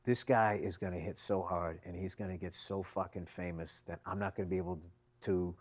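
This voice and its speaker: A man's voice: low voice, fairly even intonation, a little fast. A middle-aged man co-hosting a podcast, telling long, rambling stories in casual chat and swearing freely. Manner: rambling, profane storytelling. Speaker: podcast co-host.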